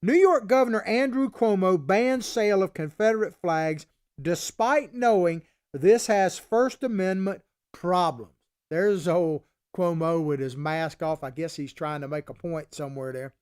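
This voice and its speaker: A man's voice: sits high, a little slow, a little mellow, clear, resonant tone. A man from Florida with an old Southern Florida cracker accent, hosting a live political talk show in a folksy, chatty way.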